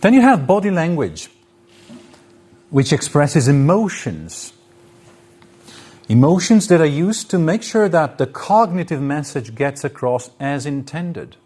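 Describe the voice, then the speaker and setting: Man giving a lively lecture. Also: a little high, unhurried. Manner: explains with spoken examples and varied intonation. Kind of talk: live lecture. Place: lecture hall.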